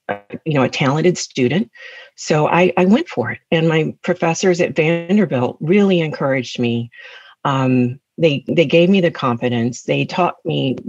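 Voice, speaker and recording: A woman's voice: sits low, vocal fry, slightly rough, no room sound, highs cut off. A woman in her fifties from West Tennessee with a Southern accent, telling her life story in an interview and laughing often. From West Tennessee, USA. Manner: frequent laughter, animated storytelling. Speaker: guest.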